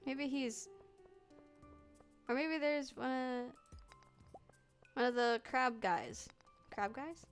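This young woman's high-pitched, smooth voice is slow, with long pauses, as she streams a game. She chats playfully to herself, slips into mock old-fashioned phrases, and faint game music sounds behind her.

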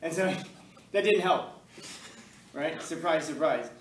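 Man, middle-aged teacher, lively storyteller, slightly high voice, recorded from across a roomy classroom. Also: unhurried, a little hiss or hum. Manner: animated, laughing, acts out voices in stories. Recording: echoey classroom from far off, faint ambience.

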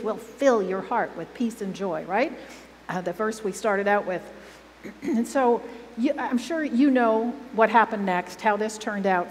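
A woman preaching a sermon, earnest and emphatic, asking the congregation questions. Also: on the high side. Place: church hall. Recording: church hall recording with reverb and faint hum.

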